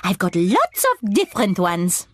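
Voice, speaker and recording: A woman's voice: on the low side, wildly swooping pitch, moderate pace, dry recording, clean studio sound. A woman voicing a polite, refined gazelle teacher in a cartoon.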